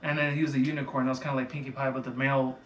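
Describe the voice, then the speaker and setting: A man's voice: mid-range voice, little pitch movement, very fast, fairly bright tone. A man casually recapping a cartoon episode in a chatty, digressive way, with lots of fillers. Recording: roomy, from a distant mic, faint background noise.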